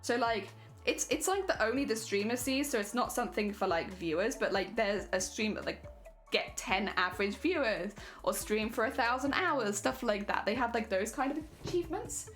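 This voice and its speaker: A young British woman keeps up easy chat with her viewers as she crafts on a live stream. Her voice sits high and moves all over the place, and she laughs often between remarks. Soft music plays quietly underneath. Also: expressive, normal speed. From Britain.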